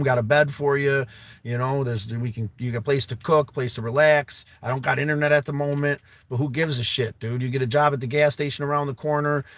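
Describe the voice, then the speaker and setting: His mid-range voice has a fairly bright tone, and there's no room sound in the recording. The young man, hosting a livestream, pleads earnestly and emotionally with a viewer he calls brother to come stay at his home.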